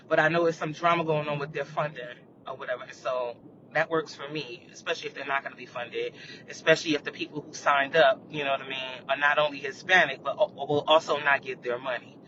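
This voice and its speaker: High bright-voiced man ranting on a livestream. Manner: rambling, talks straight to viewers, frequent "you know what I mean". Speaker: livestream host. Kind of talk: casual live chat commentary on current events. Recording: muffled lo-fi audio with faint rumble.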